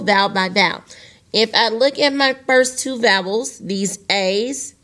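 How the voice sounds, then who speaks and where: A woman teacher giving a recorded virtual phonics lesson, patient and repetitive, slowly drawing out words for her students. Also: medium pitch, a bit bright. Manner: patient, repeats key phrases and stretches words out for students.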